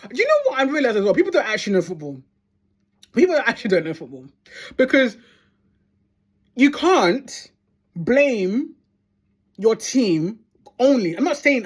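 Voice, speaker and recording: A woman ranting as a football fan vlogger, heated and sweary, repeating phrases for emphasis. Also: medium pitch. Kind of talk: angry fan rant.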